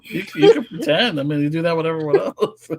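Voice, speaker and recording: A man's voice: on the high side, breathy edge. A man co-hosting a casual podcast chat, asking curious questions and laughing easily. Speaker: podcast co-host.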